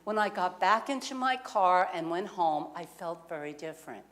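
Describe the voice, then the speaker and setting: A woman's voice: lowish voice, animated, moderate pace, a bit bright. A woman minister gives a sermon, telling a personal story in a conversational way and asking the congregation questions. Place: community center lounge.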